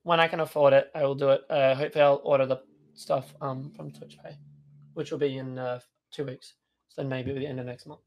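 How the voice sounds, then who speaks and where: A man's voice: medium pitch, little pitch movement, a little fast, muffled recording. A young man, a streamer, talking in a casual chat, rambling and hesitant with lots of fillers. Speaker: streamer guest.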